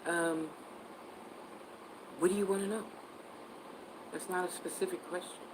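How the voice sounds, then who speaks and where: Woman psychic hosting a livestream, lower-pitched, chatty with viewers, faint noise behind. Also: steady tone, measured pace. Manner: chatty, answers viewer comments, spells words out. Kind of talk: casual livestream chat.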